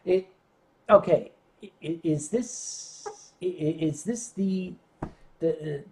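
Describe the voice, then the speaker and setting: A man's voice: on the high side, takes it slowly, darkish tone, a little hiss or hum. A middle-aged man hosting a live stream, reading viewer comments aloud in a teasing, chatty way. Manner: teasing, chatty, stumbles on words. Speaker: host.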